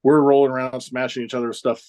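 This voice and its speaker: A man's voice: medium pitch, quick pace. Wrestler guest, 40s, male, middle voice; loose anecdotal storyteller who chuckles and mimics others. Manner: animated anecdotes, chuckling often, acts out others' lines. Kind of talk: casual storytelling interview.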